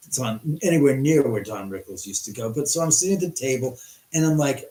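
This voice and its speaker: Excitable, rambling male livestream host, mid pitch, in an echoey room. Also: normal speed. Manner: rambling, excitable, many restarts and profanity. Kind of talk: live-stream storytelling. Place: his house.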